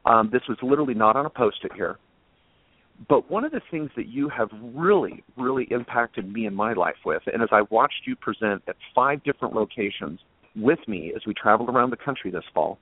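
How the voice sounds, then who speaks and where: A man's voice: medium pitch, animated, brisk, no room sound. A man hosting a talk show panel, speaking in an effusive, casual way and often repeating words. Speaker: host. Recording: tinny phone-like line, dry.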